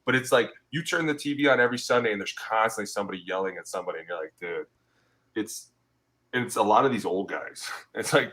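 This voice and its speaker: A man's voice: fairly low pitch, fast. A man in his thirties co-hosting a sports podcast, ranting in casual talk and acting out what players say to each other. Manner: animated ranting, acting out quotes. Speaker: podcast co-host, former player.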